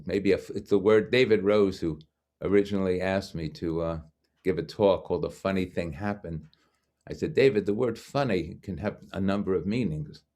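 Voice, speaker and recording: A man's voice: low voice, normal speed, dark tone. An older man from Brooklyn telling a personal story over a video call, reflective and acting out the voices of people he quotes. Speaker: guest speaker.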